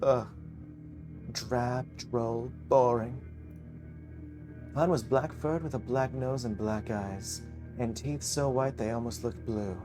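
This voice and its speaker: Pompous game gent, grand and wistful, voiced by a man, middling pitch. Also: music in the background, close to an everyday voice. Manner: pompous, drawn-out delivery. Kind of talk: reading a visual novel aloud.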